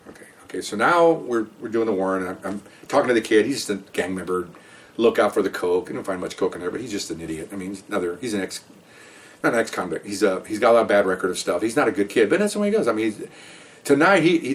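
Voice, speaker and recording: Older ex-cop guy rambling through a war story fast, acts out the voices. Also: lowish voice. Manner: rambling, animated retelling with acted-out quotes. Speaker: retired police officer telling a story. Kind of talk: casual storytelling. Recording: voice a bit far from the mic.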